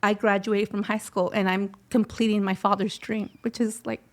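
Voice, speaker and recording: A woman's voice: medium pitch, little pitch movement, moderate pace. A middle-aged woman telling her personal story in an interview, heartfelt, slipping Spanish phrases into her English. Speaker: scholarship recipient guest.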